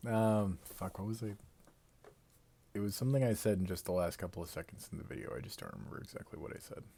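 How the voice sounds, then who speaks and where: Male streamer, lowish voice, casual and rambling, curses at his own slips. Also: fast, creaky, mellow. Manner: rambling, casual, swears and laughs at himself. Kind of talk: live-stream theory commentary.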